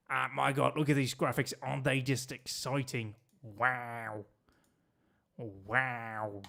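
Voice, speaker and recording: A man's voice: medium pitch, vocal fry, fairly bright tone. A man streaming a geography guessing game, chatting and joking with his viewers as he plays. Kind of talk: casual gameplay commentary.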